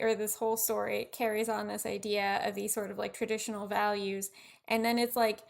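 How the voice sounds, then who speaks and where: A woman's voice: fairly high pitch, creaky. A woman co-hosting a podcast in casual, chatty talk, full of "like" fillers and laughs. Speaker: podcast co-host. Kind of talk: casual pop-culture chat.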